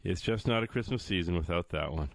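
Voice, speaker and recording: Laid-back man hosting a radio show, low-pitched and dry-miked, rambling with easy humor. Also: fairly quick, vocal fry, no room sound. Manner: relaxed and jokey, with frequent "uh" fillers. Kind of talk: casual on-air patter. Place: radio studio.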